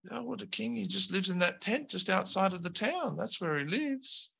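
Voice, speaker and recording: A man's voice: high voice, lively intonation, normal speed, creaky, pushed and bright, breathy edge, pitched above the performer's own voice, full character voice. A man voicing a careless young male thug who drawls and keeps saying "man" and "like". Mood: offhand. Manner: drawling, peppers speech with "man" and "like".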